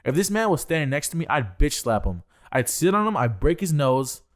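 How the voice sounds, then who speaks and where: A man's voice: on the high side, sing-song, a little fast. A young man co-hosting a podcast, ranting heatedly with heavy swearing. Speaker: podcast co-host. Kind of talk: casual chat.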